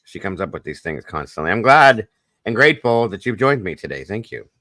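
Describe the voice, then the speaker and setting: A man's voice: fairly low pitch, brisk, dry recording. A man hosting a casual online chat, telling joking stories about his wife and dogs. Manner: joking storyteller, animated. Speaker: podcast host.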